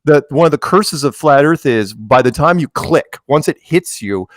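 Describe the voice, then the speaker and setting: A man's voice: a little high, normal speed, no room sound, clean studio sound. An American man as an interview guest in a casual podcast chat, telling stories and acting out quoted voices. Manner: animated storyteller, acts out quoted voices.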